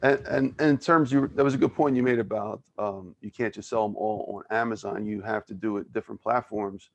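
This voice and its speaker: Low gravelly man, Philadelphia accent. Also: steady tone, muffled recording. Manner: halting, restarts often, friendly questions. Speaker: podcast host. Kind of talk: casual interview.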